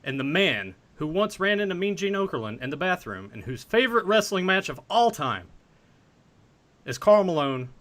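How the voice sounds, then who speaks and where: Bright-voiced man hosting a podcast. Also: high voice, sing-song, fairly quick, few pauses. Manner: rambling, self-deprecating storyteller. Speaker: podcast host. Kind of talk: casual podcast chat.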